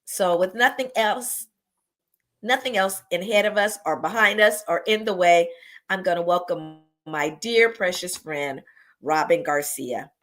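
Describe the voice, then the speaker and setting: A woman's voice: on the low side, a little slow. Effusive woman hosting a live podcast. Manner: warm, effusive, urging listeners to join. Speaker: podcast host.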